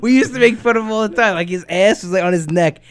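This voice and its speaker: A young man telling crude workplace stories in casual chat, laughing and acting out gruff quotes. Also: high voice, fast talker.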